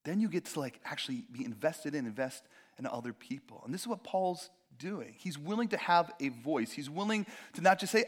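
A man giving a sermon in a loose, conversational way, with a slightly high voice that swings widely as he acts out quotes and cracks jokes. He sounds animated and expressive, like he's talking with the room rather than at it. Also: a little fast, few pauses, slightly rough. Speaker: pastor.

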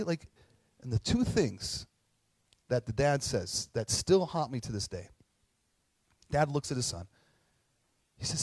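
A man preaching in a casual, animated way, often checking in with tag questions. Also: medium pitch, measured pace, long pauses, husky, no echo. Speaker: pastor. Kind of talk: conversational sermon.

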